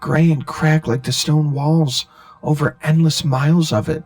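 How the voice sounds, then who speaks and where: A man's voice: fairly high pitch, fairly even intonation, measured pace, soft background music, pitched above the performer's own voice. Man doing a dead brother's growling hateful voice. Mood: awed, frightened. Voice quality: growling, rabid, quiet. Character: dead boy's voice, bitter and hateful, afraid.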